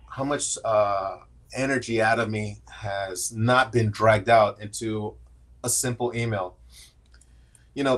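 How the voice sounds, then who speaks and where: Earnest male guest, candid storyteller, mid-pitched voice, acts out quotes. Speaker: guest, AI strategist. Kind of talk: conversational interview storytelling.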